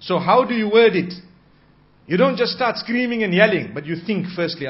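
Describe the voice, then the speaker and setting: A man giving a sermon in a measured, deliberate way, slowing down for emphasis. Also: high-pitched, lively intonation, dull audio. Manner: measured, slows for emphasis, acts out quoted spouses softly. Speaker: Islamic preacher.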